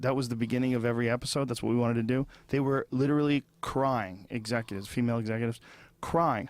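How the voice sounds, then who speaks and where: A man's voice: medium pitch, fairly even intonation, quick pace, dry recording. A man hosting a podcast, telling stories in a blunt, profane way in casual chat. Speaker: podcast host and comedian.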